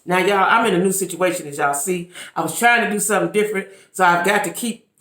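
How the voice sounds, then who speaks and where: A woman's voice: fairly low pitch, quick pace, fairly bright tone. Emphatic woman vlogger in a roomy echo. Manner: emphatic, repetitive, addresses viewers directly. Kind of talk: casual commentary to camera. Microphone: camera mic.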